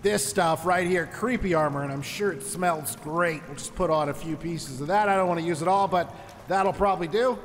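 A man's voice: fairly high pitch, moderate pace, long reverb tail. A man commentating his own survival game playthrough in a chatty, joking way, talking to the enemies as he fights them. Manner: chatty, jokey, talks to enemies. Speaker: gameplay commentator. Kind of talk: let's play commentary.

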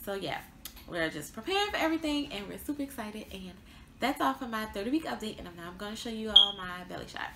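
A woman's voice: on the high side, lively intonation, fast, echoey room, noisy background. A pregnant young woman vlogging a casual update, chatty and rambling with lots of fillers and little laughs. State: pregnant, tired.

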